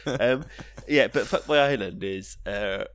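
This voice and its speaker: A man's voice: on the low side, a little slow, fairly bright tone. A man co-hosting a podcast in casual banter, jokey and tired, swearing and laughing often. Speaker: podcast co-host.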